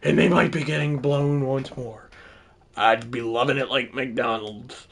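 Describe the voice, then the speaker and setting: Streamer doing slow, gravelly play-by-play of a football game, with mumbled asides and shouted calls. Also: mid-range voice, steady tone, a little hiss or hum. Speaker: gaming livestreamer.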